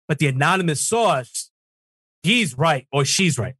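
A man's voice: sits high, big pitch swings, normal speed, fairly bright tone, slightly rough, dry recording, clean studio sound. A man on a political talk show, ranting heatedly and swearing emphatically.

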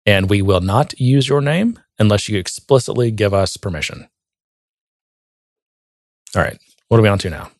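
A man's voice: on the low side, lively intonation, moderate pace, long pauses, no echo, studio quality. A man co-hosting a podcast in casual, jokey chat, often restarting his sentences. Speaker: podcast co-host.

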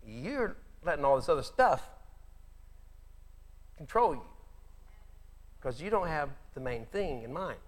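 A male pastor delivers a sermon with a high voice that rises and falls a great deal. He tells his stories in an animated way and acts out the people in them. A long reverb hangs on the recording, as if in a large hall. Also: unhurried, long pauses. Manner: animated storytelling, acts out Bible characters.

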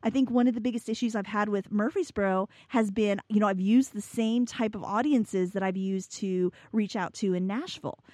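A woman talks openly about her business in a relaxed podcast chat. She rambles and often restarts her sentences. The sound is close and dry. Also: medium pitch, normal speed, hardly any pauses, dry recording. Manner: candid, rambling, self-correcting with restarts and laughs. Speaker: business owner guest.

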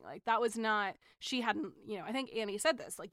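Woman podcast co-host, mid pitch, candid and chatty, dry studio sound. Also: lively intonation, brisk, a bit bright, no room sound. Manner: frank, swears casually, laughs often. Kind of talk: casual TV recap chat.

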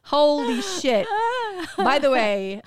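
A high-pitched woman co-hosting a podcast, telling stories in a loud, animated way and swearing freely. Her voice sits close and dry, with no room sound at all. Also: slow, no room sound. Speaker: podcast co-host. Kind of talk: casual chat.

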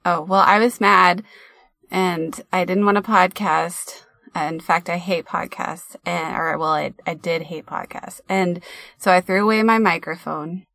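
A woman's voice: lowish voice, steady tone, measured pace, vocal fry, a bit bright, no echo. A woman co-hosting a casual podcast, joking around in a playful, scatterbrained way. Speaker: podcast co-host.

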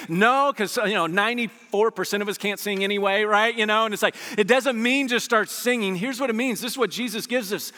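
Bright high-voiced pastor preaching in a hall. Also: male voice, brisk, hardly any pauses. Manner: conversational preaching with rhetorical questions, swinging from loud to hushed. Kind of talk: sermon. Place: church sanctuary. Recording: long reverb of a large church hall.

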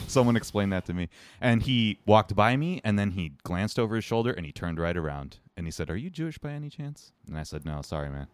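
A man's voice: deep voice, moderate pace, no room sound. A man co-hosting a casual chat, joking and sardonic as he tells stories. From United States. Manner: sardonic, joking, animated storytelling.

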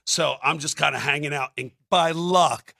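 A man's voice: a little high, moderate pace, creaky, sharp tone, no room sound, studio quality. A man, a guest comedian, chatting casually and acting out the people in his stories. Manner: storyteller, imitates people he quotes. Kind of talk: casual chat.

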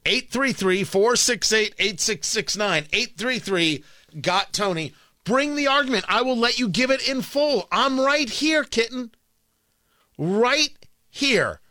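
A man hosts a talk radio show from a studio, his voice pitched high and bright against a dry, close microphone. He argues in short, combative bursts and hammers the same demand again and again. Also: expressive, slow pace, no room sound. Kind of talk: opinionated talk radio monologue.

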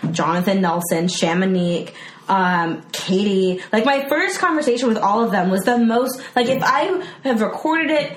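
A young adult woman chatting as a podcast guest, bubbly and giggly and quick to slip into silly voices. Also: medium pitch, expressive. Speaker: podcast guest, improv performer. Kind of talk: casual chat. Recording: roomy with background noise.

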